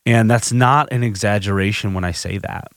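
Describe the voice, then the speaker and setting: A man's voice: fairly low pitch, normal speed, fairly bright tone, dry recording, clean studio sound. A man hosting a podcast, telling a personal recovery story in a candid, self-reflective way, often restarting his sentences. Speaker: podcast host.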